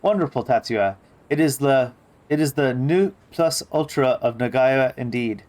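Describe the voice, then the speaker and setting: A man performs an eccentric, pompous female singer for a video game, using inverted word order and scattering in stray French words. He reads slowly, a bit below his natural pitch, with lively intonation and light acting, giving her a grandiose mood.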